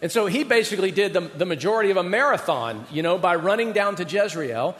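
A man preaching a sermon in an animated, conversational storytelling manner, recorded in a church sanctuary. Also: high voice, quick pace. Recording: reverberant hall.

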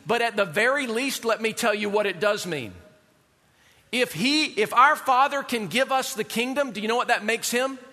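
Male pastor, high bright voice, lively sermon delivery, long hall reverb. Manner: animated, rhetorical questions to the congregation.

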